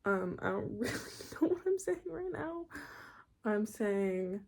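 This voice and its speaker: A woman's voice: mid-range voice, big pitch swings, measured pace, a little mellow. A young woman in university, ranting casually in her bedroom, rambling, cutting herself off and laughing often. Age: young adult. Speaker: vlogger.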